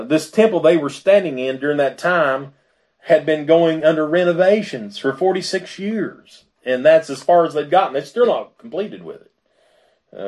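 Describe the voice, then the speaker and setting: A man's voice: medium pitch, darkish tone. A man preaching a sermon in a conversational way, with fillers and asides. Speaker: pastor.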